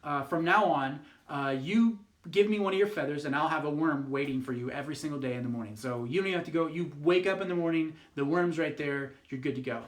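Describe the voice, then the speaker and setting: A sly, coaxing fox offers a bargain, voiced by a man telling a fable. The voice sits a bit high and sounds ordinary rather than put on. It rings in an echoey room. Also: quick pace, natural voice. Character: sly male fox making a deal.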